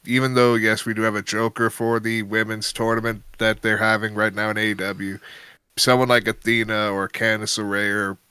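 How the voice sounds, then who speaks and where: A man with a lowish, bright and smooth voice co-hosting a casual wrestling podcast. He gives opinionated, earnest takes. The recording is dry and close. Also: flat delivery, moderate pace, no room sound. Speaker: podcast co-host.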